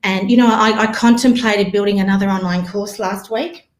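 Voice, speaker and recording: A woman's voice: mid-range voice, moderate pace, few pauses, echoey room. A woman presenting a live marketing workshop, talking energetically and calling her audience guys. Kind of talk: live online workshop talk.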